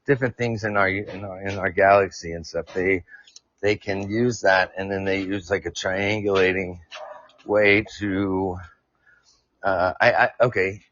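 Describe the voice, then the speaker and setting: A man's voice: sits low, steady tone, measured pace, a bit bright, lo-fi sound. A man hosting a live podcast, explaining science casually, stumbling over words and joking with his chat. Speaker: podcast host. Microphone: new earphones mic.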